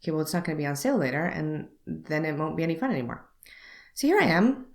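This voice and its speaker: Young woman vlogger, lowish voice, very lively pitch, wry storyteller who acts out her dialogue. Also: fast, vocal fry. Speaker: beauty vlogger. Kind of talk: storytelling to camera.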